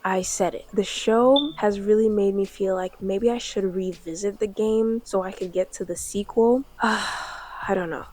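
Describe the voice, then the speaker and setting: A woman's voice: mid-range voice, mellow. A young woman in her twenties chatting candidly in a casual review vlog, full of fillers and self-deprecating asides. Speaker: booktube vlogger.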